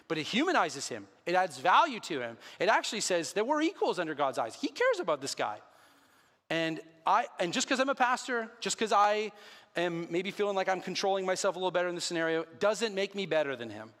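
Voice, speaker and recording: A man's voice: high voice, sing-song, a little fast, fairly bright tone. A man in his thirties, a pastor, preaching a sermon in an earnest, conversational way with self-deprecating asides. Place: church sanctuary. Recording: long hall reverb.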